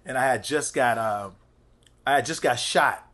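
A man, a comedian and actor, telling stories as a podcast guest, animated and profane, acting out quotes and laughing often. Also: medium pitch, normal speed. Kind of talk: casual chat, storytelling.

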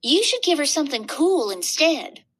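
A woman voicing a shy, eager young girl, higher. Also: sing-song, normal speed, a bit bright.

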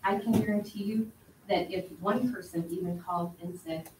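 A woman's voice: medium pitch, steady tone, moderate pace, darkish tone, slight background noise. A middle-aged woman speaking at a public hearing, emotional and pleading, her voice rising as she gets upset. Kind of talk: public comment at a council meeting. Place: council chamber. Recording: echoey hall, mic from a distance.

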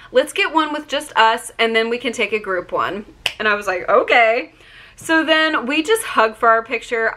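Bubbly young woman gushing excitedly. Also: a little high. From Virginia. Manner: gushing, rambling, many fillers and restarts. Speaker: vlogger. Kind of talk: excited storytelling to camera.

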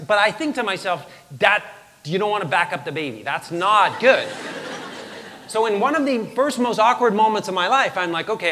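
A man speaks on stage in a bright, keen voice that sits high for a man, telling a story from his own life to a live crowd. He is animated and pokes fun at himself, and he acts out what he said at each moment. A faint hiss runs under the talk. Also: in a large hall. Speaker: motivational speaker.

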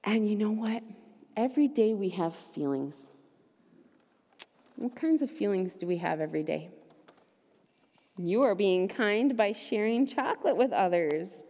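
Lively woman speaking to children in church. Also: medium pitch, measured pace, long pauses. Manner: upbeat, talks gently to children with questions. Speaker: children's ministry leader. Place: church sanctuary. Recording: long church reverb.

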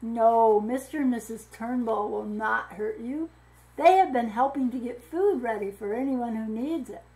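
A woman's voice: on the high side, moderate pace, mellow, natural voice, low-quality recording. A woman reading as a hearty cheerful man. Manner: hearty, welcoming. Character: cheerful grown man, a missionary helper.

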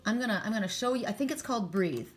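A woman gives a spiritual card reading straight to her viewers. She speaks encouragingly but rambles, often breaking off and restarting her sentences. Her voice sits at an ordinary middle pitch. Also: lively intonation, quick pace, slight background noise. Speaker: tarot and oracle card reader.

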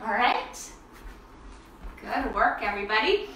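A woman's voice: fairly high pitch, sing-song, measured pace, recorded from a distance, background noise. A woman teaching children yoga, playful and sing-song, with animal noises and cheers. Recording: echoey room, voice from off-mic.

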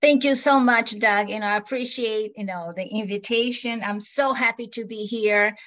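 A woman's voice: fairly high pitch, steady tone, moderate pace. Brazilian-accented woman presenting a webinar. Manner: warm, earnest, with frequent fillers. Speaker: guest speaker.

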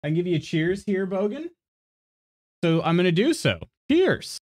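A man chatting on a stream in a dry, close voice, with pitch that swings up and down. He rambles through half-finished sentences, apologizes and laughs often. He reads chat messages aloud. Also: sing-song, normal speed, a little mellow, no room sound. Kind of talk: casual chat with viewers.

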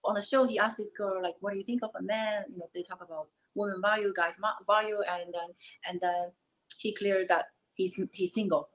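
A woman's voice: medium pitch, steady tone, brisk, a bit bright, low-quality recording. A woman guest talking heatedly and defensively, cutting in to tell her side. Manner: agitated, defensive, talks over others. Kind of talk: heated call-in talk.

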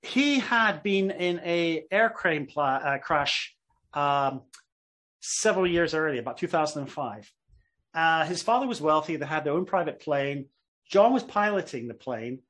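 A man's voice: a little high, expressive, unhurried, a bit bright. A middle-aged man, a professor, giving a public lecture in a conversational storytelling way, often checking in with "okay?".

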